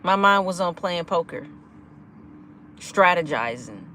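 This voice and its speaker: A woman hosting a casual livestream, energetic and giggly, laughing often while she chats with viewers and answers their comments. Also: fairly low pitch, a little slow, a little hiss or hum. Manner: chatty, with frequent fillers like "like" and "y'all". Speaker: livestream host of a gambling recovery channel.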